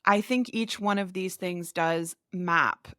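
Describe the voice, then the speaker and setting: A woman hosting a casual podcast conversation, reflective and quick to laugh, sometimes reading quotes aloud. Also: fairly low pitch, a bit bright, clear, resonant tone, no room sound, clean studio sound. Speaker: podcast host.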